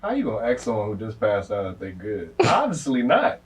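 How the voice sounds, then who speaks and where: A woman chiming in with quick wisecracks and laughter while a story is told. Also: rumbling low, huge pitch swings, slightly rough. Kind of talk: casual banter.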